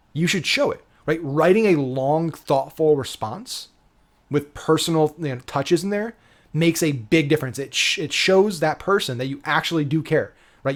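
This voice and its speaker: A man with a slightly high, animated voice talks at normal speed as a digital marketing coach. The lesson is casual but forceful, full of "right?" and relaxed cursing.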